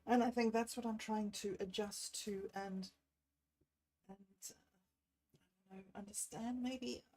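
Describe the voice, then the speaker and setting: A woman, talking on a livestream about a bad day. She thinks aloud in a candid, self-deprecating way and sounds low and unwell. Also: fairly even intonation, measured pace, pauses often, warm tone, poor audio. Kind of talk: rambling personal livestream.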